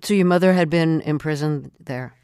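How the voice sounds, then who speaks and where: An interviewer asking gentle, probing follow-up questions. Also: mid-range voice, normal speed, clear, resonant tone, no room sound, clean studio sound.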